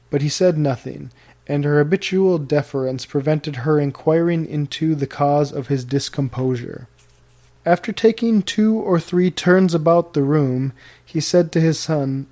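A man narrating period fiction as an audiobook, in a measured, formal storytelling manner. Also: fairly high pitch, mellow.

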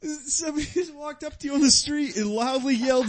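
A man hosting a casual comedy chat, telling a story in a giggly, animated way. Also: extremely high pitch, fairly quick, few pauses.

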